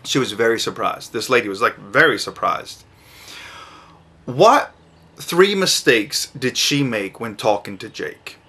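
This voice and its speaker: A middle-aged man, a parent giving advice to camera, who speaks slowly and enunciates each word with emphasis. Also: mid-range voice, animated, bright, forceful tone, slightly rough. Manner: slow, deliberate, emphatic enunciation. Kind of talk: instructional talk to camera.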